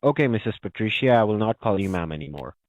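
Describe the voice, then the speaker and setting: A man's voice: lowish voice, lively intonation, fast. A man acting as a phone support agent, overly polite and apologetic, calling the listener ma'am again and again. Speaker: scam caller posing as tech support. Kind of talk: scripted support phone call. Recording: muffled phone line.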